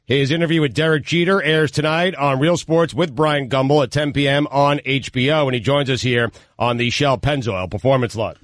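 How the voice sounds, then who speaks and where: A man co-hosting a radio show, reading sponsor promos and jumping in with quick agreement. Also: mid-range voice, no room sound. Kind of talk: radio talk. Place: radio studio.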